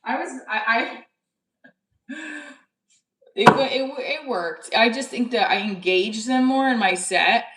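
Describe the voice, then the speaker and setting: A woman's voice: fairly high pitch, slow pace, long pauses, roomy sound, recorded from a distance, heavy background noise. A woman comedian chatting casually on a live stream, rambling and cutting herself off as she tells a story. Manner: chatty, rambling, self-interrupting. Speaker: stand-up comedian.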